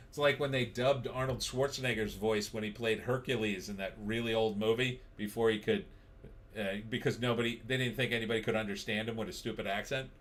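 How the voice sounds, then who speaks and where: A man's voice: fairly low pitch, steady tone, fairly quick. A middle-aged man hosting a casual live stream, reading viewer comments aloud and riffing on them in a wry, offhand way.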